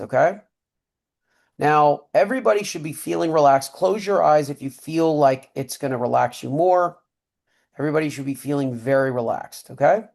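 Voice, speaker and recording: A man's voice: fairly high pitch, creaky, darkish tone. A man who mentors traders, guiding a group through a breathing and mindset exercise on a webinar and checking in with "okay?" and "right?" as he goes. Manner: coaching, repeats "okay?" and "right?". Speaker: trading mentor leading a webinar.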